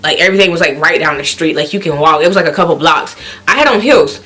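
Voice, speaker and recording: A woman with a Southern country accent telling a story on her vlog, animated and acting out what people said in high, excited exclamations. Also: fast talker. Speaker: vlogger.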